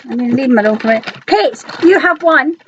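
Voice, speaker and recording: A woman's voice: sits high, animated, fast talker, lo-fi sound, a little hiss or hum. A woman co-hosting a live cabaret show, handing out prizes with playful, giggly teasing banter. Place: live venue on stage.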